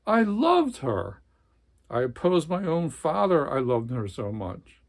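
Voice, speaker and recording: A man reads a dutiful, bewildered middle-aged husband in a novel. His voice rises higher than usual, pleading and defensive. He sounds hurt and strained. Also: wildly swooping pitch, slow, heavily acted.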